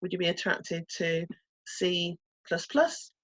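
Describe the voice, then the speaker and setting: A woman's voice: fairly low pitch, expressive, slow, no echo, low-quality recording. A woman with a Birmingham accent teaching an introductory coding workshop over a video call, explaining terms with many "um"s and "okay?" checks. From Birmingham, England. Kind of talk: online teaching presentation.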